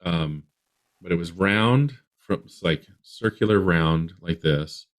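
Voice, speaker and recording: A man's voice: sits low, slow pace. A man from Utah, a podcast guest, telling a long story in a rambling way with many restarts.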